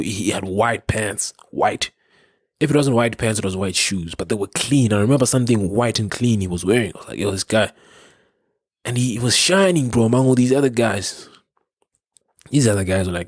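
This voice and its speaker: A young South African man hosts a podcast, his voice fairly low and slightly rough, recorded dry with studio quality. He tells a casual story in a rambling way, restarting often and laughing frequently.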